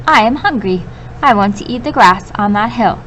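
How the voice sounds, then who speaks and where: A woman reading aloud and voicing a small, timid, hungry billy goat in a high, pleading, whiny voice. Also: lively intonation, moderate pace, fairly bright tone, a little hiss or hum, close to an everyday voice, rough recording. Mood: meek.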